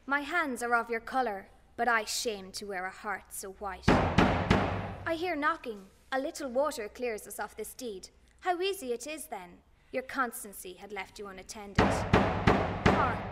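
A woman's voice: on the high side, animated, unhurried, heavy background noise. Lady Macbeth, a steely, fearful noblewoman. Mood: commanding. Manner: urgent, commanding. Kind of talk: classical stage acting. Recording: long hall reverb.

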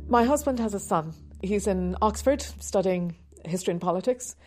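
A woman who teaches harp, talking candidly and reflectively in a radio interview, with soft laughs. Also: mid-range voice, expressive, moderate pace, faint music behind. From Ireland.

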